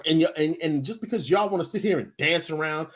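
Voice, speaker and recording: This vlogger's mid-range voice moves briskly through an emphatic, heated rant aimed at the camera. As a video commentator, he hammers his points home through repetition and tells stories, acting out the quotes.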